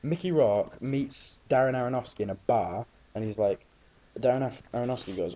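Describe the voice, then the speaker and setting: A man's voice: medium pitch, moderate pace, dark tone, slight background noise. A man chatting casually about films, rambling through anecdotes.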